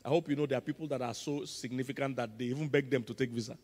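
A man with a Nigerian accent, a pastor preaching a sermon with emphatic call-and-response, swinging between loud and soft. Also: medium pitch, fairly even intonation, racing, big-room sound. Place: large church auditorium.

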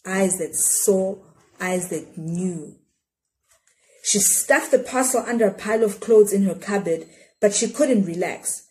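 A woman reads a children's picture book aloud, shaping each phrase expressively. She leans into dramatic pauses at a mid-range pitch. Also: dark tone. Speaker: storyteller. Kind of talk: children's storybook read-aloud.

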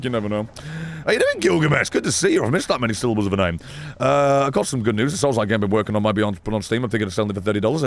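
A man's voice: mid-range voice, vocal fry, a little hiss or hum. A man streaming a horror game, chatting casually with his viewers, reading their messages and swearing freely as he plays. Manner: swears freely, banters with chat. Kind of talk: casual gameplay commentary.

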